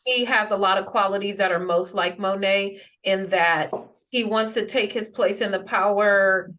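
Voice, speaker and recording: A woman of middling pitch hosts an interview. She builds her questions slowly, with many fillers and side remarks. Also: fairly even intonation, a bit bright. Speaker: host. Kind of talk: interview conversation.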